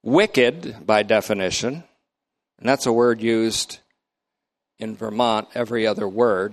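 An older man teaches a Bible study at a deliberate pace, spelling out each term one word at a time. He speaks emphatically and leans hard on key words, with pitch that rises and falls. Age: middle-aged or older. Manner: emphatic, defines terms slowly word by word. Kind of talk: lecture-style Bible study.

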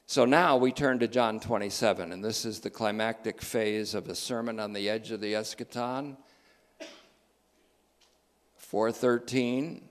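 Slow, emphatic male preacher. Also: medium pitch. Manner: slow, emphatic preaching with asides and joking digressions. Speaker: pastor. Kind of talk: sermon.

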